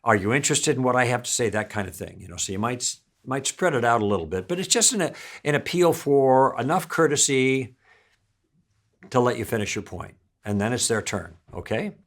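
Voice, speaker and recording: Calm man teaching a practical lesson. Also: mid-range voice. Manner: calm, friendly, acts out sample lines. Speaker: instructor. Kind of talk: instructional talk.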